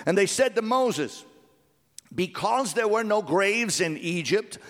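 A man's voice: high-pitched, lively intonation, slow pace, a bit bright, long reverb tail. A man preaching a sermon, retelling a scripture passage and building to raised, emphatic moments.

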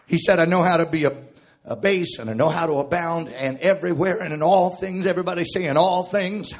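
A man preaching a sermon, shouting in a chanted cadence that drops to quiet reading of scripture. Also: on the high side, fairly quick.

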